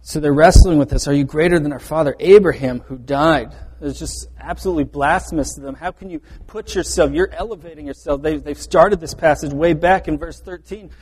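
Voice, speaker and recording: A man's voice: a little high, brisk, hardly any pauses, darkish tone, slight background noise. A man preaching a sermon, explaining verse by verse in an earnest way and often restarting his phrases. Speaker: pastor. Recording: reverberant hall.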